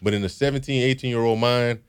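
A man's voice: mid-range voice, fairly even intonation, fast talker, clear, resonant tone. A young man from Louisiana, a former football player, telling his story in a reflective, earnest way in an interview. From Baton Rouge, Louisiana. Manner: reflective, earnest, with frequent "you know"s.

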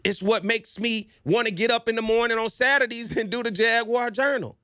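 A man's voice: very high voice, fairly even intonation, a little fast, sharp tone, clean tone, no room sound, clean studio sound. A man hosting a college sports fan show, talking in a casual, emphatic and persuasive way, often speaking straight to his listeners. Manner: slangy and conversational. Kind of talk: casual commentary monologue.

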